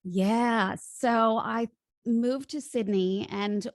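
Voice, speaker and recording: A woman's voice: fairly high pitch, extremely slow. A woman in her thirties with an American accent, a voice coach telling her story in a casual interview. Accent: General American. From United States (Illinois). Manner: animated, storytelling. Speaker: podcast guest, voice coach.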